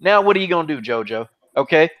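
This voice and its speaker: The host of an MMA podcast, a man with a voice on the high side, speaks expressively at a quick pace. His casual chat turns heated and mocking, full of repetition and free swearing, captured in dull, lo-fi sound.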